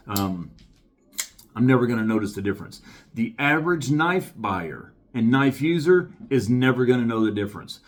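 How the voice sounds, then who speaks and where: A man with a slightly low voice gives a casual knife review to camera. He talks emphatically and with plain enthusiasm, circling back to hammer the same points again and again. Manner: emphatic, enthusiastic, repeats himself.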